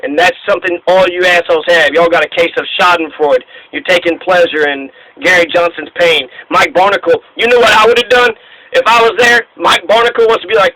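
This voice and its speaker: A man delivers a profane, sarcastic political rant in a high, sharp voice. He is angry and mocking, with curses spilling through, and the sound has a radio-like quality. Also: fairly even intonation, a little fast, rough recording. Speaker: political commentator. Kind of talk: profane ranting monologue.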